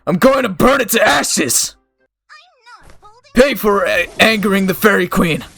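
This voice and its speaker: A man's voice: high voice, lively intonation, unhurried, creaky, faint music behind, voice pushed up, exaggerated voice. A man putting on a strained female voice for an enraged woman knight who has snapped, reading game dialogue aloud. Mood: furious. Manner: shouting, ranting, strained. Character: furious female knight at her breaking point.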